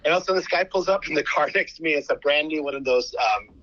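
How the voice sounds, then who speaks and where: Bright-voiced man telling a story on radio. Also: a little high, racing, muffled recording. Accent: American. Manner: animated storyteller, many restarts. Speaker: charity founder, guest. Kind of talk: radio interview.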